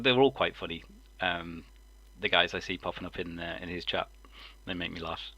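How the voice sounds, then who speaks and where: A man in his forties from Lincolnshire, England, speaks with a low, sharp-toned voice and a mixed English accent that sounds mildly southern. Chatting casually on a live stream, he rambles with plenty of ums and frequent chuckles.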